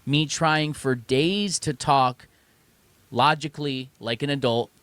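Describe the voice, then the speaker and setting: Male podcast host, mid pitch, blunt and exasperated, swears freely, dry close mic. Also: takes it slowly, a bit bright, clean tone, dry recording. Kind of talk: ranting podcast talk.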